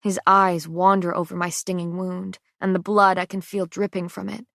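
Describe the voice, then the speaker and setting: A woman giving measured, scripted first-person narration of a fantasy romance audiobook. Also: on the low side, level tone, vocal fry, a bit bright, dry recording, clean studio sound.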